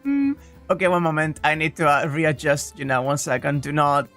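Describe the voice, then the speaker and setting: A streamer chatting casually with a co-host during a visual novel stream, scattered and self-interrupting, with quick laughs. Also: mid-range voice, a bit bright, faint music behind.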